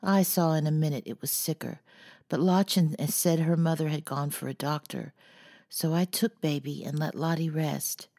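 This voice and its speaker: A woman reading as a gentle, soft-voiced teenage girl. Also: low voice, steady tone, normal speed. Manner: soft, quiet and mild. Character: gentle shy teenage girl, sweet and patient.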